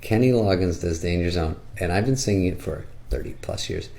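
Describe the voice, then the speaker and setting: An older man doing a sarcastic, deadpan comedy riff, slipping into quick high-pitched impressions. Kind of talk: comedic monologue.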